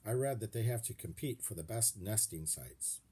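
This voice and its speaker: A studious schoolgirl calmly explaining what she has read. A man reads her lines aloud in a mellow, slightly husky voice with lively pitch. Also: normal speed. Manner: explaining, matter-of-fact. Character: studious young schoolgirl, know-it-all.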